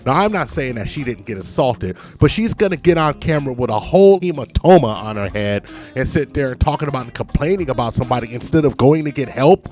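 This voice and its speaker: Sarcastic male commentator, raised pitch. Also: expressive, fairly quick. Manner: sarcastic, rhetorical questions. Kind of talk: video commentary.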